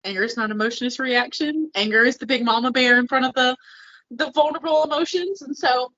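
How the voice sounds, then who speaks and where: A woman cohosts a casual podcast with a bright, forceful voice that sits a little high. She tells stories animatedly and acts out what people said. The audio is dry and slightly dull. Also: a little fast, no room sound. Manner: lively storyteller, acts out quoted lines.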